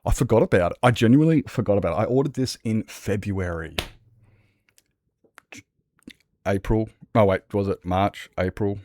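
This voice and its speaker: A man's voice: lowish voice, moderate pace, pauses often, darkish tone, a little hiss or hum. An Australian man chatting casually and swearing freely with his viewers as a livestreamer, rambling from one thought to the next.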